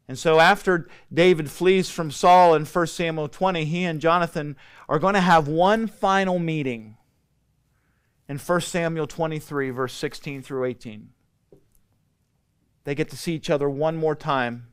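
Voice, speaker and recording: Smooth-voiced pastor telling a Bible story. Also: male voice, on the high side, steady tone, a little slow. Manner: conversational storytelling with acted-out dialogue. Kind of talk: Bible study teaching.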